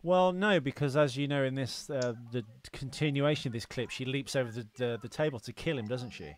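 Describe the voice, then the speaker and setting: A man's voice: mid-range voice, fairly quick. A man co-hosting a podcast, chatting casually with crude jokes. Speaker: podcast co-host. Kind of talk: casual banter.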